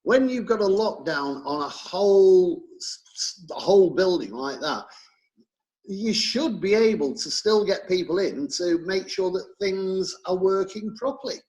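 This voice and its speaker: An English man co-hosting an opinion chat, conversational, telling stories with halting restarts. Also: high-pitched, animated, a little mellow, low-quality recording. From England. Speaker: co-host.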